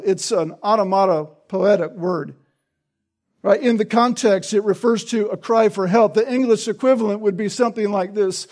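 A man's voice: high voice, normal speed, a little mellow. A man preaching an expository sermon, explaining the text and often checking in with the listeners through tag questions.

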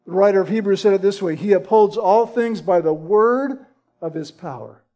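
A man preaching a sermon, deliberate and emphatic, building in intensity on key points. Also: high-pitched, mellow.

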